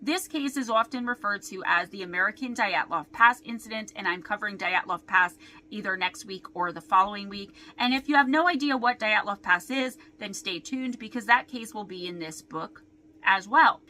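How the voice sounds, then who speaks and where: Brief: female author-host narrating unsolved mysteries, skeptical, crisp bright tone. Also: mid-range voice, expressive, moderate pace. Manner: skeptical, poses many rhetorical questions. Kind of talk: reading her own mystery book aloud.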